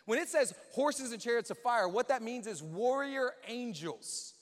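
A man preaching a sermon in a lively, conversational way, acting out quotes and joking with the church. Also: very high-pitched, unhurried. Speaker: pastor. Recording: reverberant hall.

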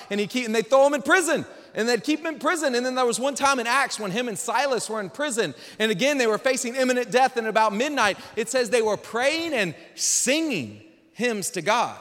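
A pastor preaching a sermon in a church, swinging between loud, urgent passages and quiet, low reflection. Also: male voice, lively intonation, fast talker. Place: large church hall. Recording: long hall reverb.

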